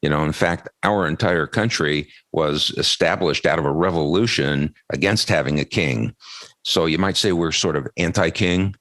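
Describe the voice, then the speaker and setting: A very deep-voiced American man co-hosting a podcast, his talk measured and explanatory as he works through a Bible passage. The sound is dry and close, with no room in it. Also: fairly bright tone, dry recording. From United States. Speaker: podcast co-host. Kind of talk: casual Bible discussion.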